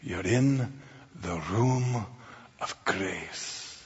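A man voicing a gentle, soft-spoken female hostess in a hushed, low voice, heard in a reverberant hall. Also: extremely slow, a little hiss or hum. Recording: reverberant hall, dull lo-fi sound.

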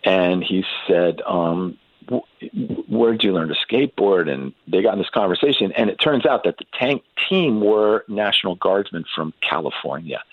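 A middle-aged man telling a story about his son in a relaxed, halting way, with many restarts and fillers. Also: lowish voice, no echo, low-quality recording. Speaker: guest parent telling a family story. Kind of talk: casual storytelling in a faith podcast interview.

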